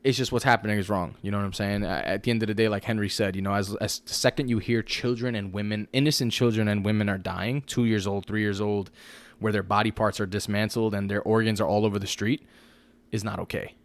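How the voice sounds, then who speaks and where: A man's voice: lowish voice, steady tone, quick pace. A man co-hosting a podcast in casual, slang-heavy chat, often asking "you know what I mean". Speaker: podcast co-host.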